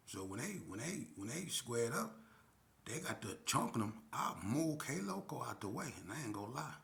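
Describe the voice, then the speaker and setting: A man's voice: on the low side, a bit bright. A man telling a personal story in casual, slangy street talk, often checking in with "you know what I'm saying".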